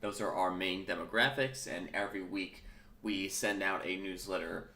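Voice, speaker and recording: A man's voice: deep voice, fairly even intonation, moderate pace, gravelly, sharp tone, reverberant. A man hosting his own casual morning talk show, rambling and correcting himself, with his early-morning voice still in his throat. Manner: chatty, rambling, self-correcting. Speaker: podcast host.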